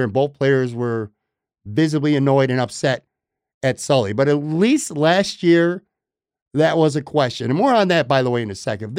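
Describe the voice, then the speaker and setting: A man talks into a close podcast mic, his voice sitting a touch higher than most men's. He delivers emphatic, opinionated sports commentary, restarting phrases as he pushes his point. The sound is dry, with no room around it. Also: a little mellow, clear, resonant tone, dry recording. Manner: emphatic, opinionated, self-correcting. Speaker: podcast host.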